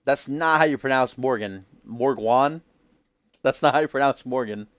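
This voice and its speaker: A man's voice: mid-range voice, fairly quick, a bit bright, clean tone, dry recording. A man calling a wrestling show over his game stream, upbeat and chatty, with an ordinary mid-range voice. The sound is dry and close, with no room heard around him. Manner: upbeat hype, loose and casual with frequent "uh".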